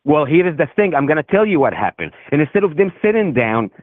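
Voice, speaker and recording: A man's voice: a little high, big pitch swings, fast, no room sound. A man calling in to a live debate stream, arguing in an insistent way. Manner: insistent, argumentative. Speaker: caller. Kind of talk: heated debate. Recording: tinny phone line.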